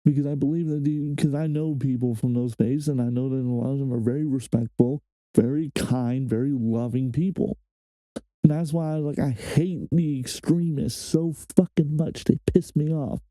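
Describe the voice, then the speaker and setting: Man ranting with a very dark, mellow voice. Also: medium pitch, fairly even intonation, moderate pace, dry recording, rough recording. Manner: profane, heated ranting. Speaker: reaction video host. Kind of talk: casual reaction commentary.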